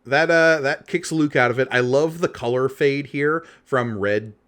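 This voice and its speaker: A man co-hosting a podcast, walking through a comic book page by page. He talks in an easygoing, conversational way at a middle pitch. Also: measured pace. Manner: relaxed, recaps the story page by page. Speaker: podcast co-host. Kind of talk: casual comic book discussion.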